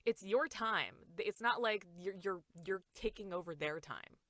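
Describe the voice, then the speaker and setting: A woman voice actor in a casual podcast chat, talking fast and laughing often as she acts out quotes. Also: medium pitch, fairly bright tone. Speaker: voice actor guest.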